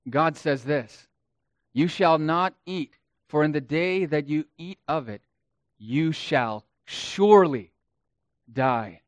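A man's voice: a little high, unhurried, no echo. A man preaching a sermon as pastor, emphatic and repeating key phrases for weight. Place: church.

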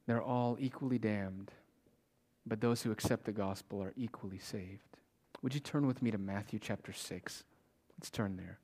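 A man preaching a sermon with passion, repeating phrases for emphasis and swinging between loud declarations and hushed whispers. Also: lowish voice, normal speed, breathy edge. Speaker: pastor.

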